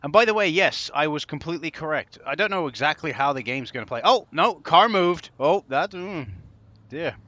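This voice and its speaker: A man's voice: a little high, animated, normal speed, sharp tone, no echo, dull audio. A young man giving casual gameplay commentary, sarcastic and exasperated, swearing freely as he plays. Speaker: game commentator.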